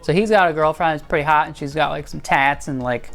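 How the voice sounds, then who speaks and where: A woman's voice: deep voice, fast talker, soft background music. A woman hosting a comedic movie review, sarcastic and profane, mocking the characters in silly quoted voices. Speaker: video essay host.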